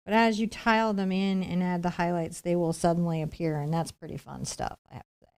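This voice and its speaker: A woman teaching acrylic painting on a live stream, explaining each step in a chatty, relaxed way. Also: on the low side, a little fast.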